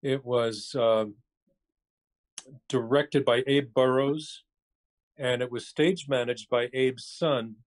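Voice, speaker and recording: A man's voice: medium pitch, fairly even intonation, slow, pauses often. An older male actor, speaking on a cell phone as a podcast guest and recalling his career in an easygoing, reflective and wry way. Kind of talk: casual interview chat.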